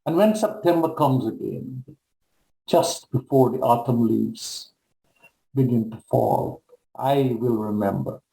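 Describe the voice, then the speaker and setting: An older man from the Caribbean reading his poems aloud on a video call, in a measured and deliberate way. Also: medium pitch, expressive, vocal fry, warm tone, reverberant, low-quality recording. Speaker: guest poet. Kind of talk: poetry reading.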